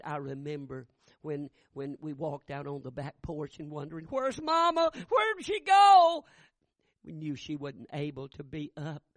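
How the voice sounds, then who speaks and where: An older male preacher in his sixties, telling a family story in a slightly high voice. He talks in a folksy, halting way and swells into fervent preaching. The sound is close and dry. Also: a little mellow, dry recording. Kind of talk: storytelling sermon.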